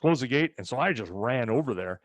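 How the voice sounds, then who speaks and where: A man's voice: mid-range voice, fairly quick, no echo. A man telling casual family stories as a ranch co-host, acting out other people's lines as he goes. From rural western United States. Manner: animated storyteller who acts out other people's lines. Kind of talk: casual storytelling chat.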